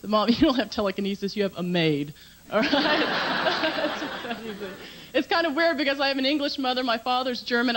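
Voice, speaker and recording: Woman doing stand-up on a talk show, brisk and chatty, hissy clicky old tv tape. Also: a little high, fairly bright tone, rough recording. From Georgia, US. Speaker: stand-up comedian.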